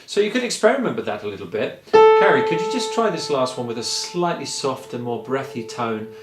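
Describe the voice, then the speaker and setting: A man giving a singing lesson, explaining calmly and encouragingly, step by step. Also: medium pitch, brisk, echoey room, loud music behind the voice. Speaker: singing teacher. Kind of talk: vocal lesson.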